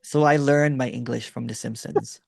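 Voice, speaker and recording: A man's voice: medium pitch, fairly even intonation, normal speed, vocal fry, slightly rough, dry recording, clean studio sound. A middle-aged man from the Philippines with a Filipino accent, rambling through a story in casual video-call chat with lots of fillers and "right?". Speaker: host.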